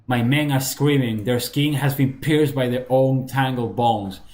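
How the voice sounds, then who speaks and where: A man reading aloud as a doomed male nobleman confessing his crimes, in a solemn, halting way with small stumbles. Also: mid-range voice, fairly even intonation, darkish tone, close to an everyday voice. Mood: grave.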